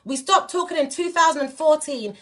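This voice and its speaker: A woman's voice: high-pitched, a little fast, fairly bright tone. A woman in her forties from England, with a British accent that slips into Jamaican patois, delivering an impassioned, defiant rant on a livestream with emphatic repetition. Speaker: singer speaking on a livestream. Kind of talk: impassioned live video rant.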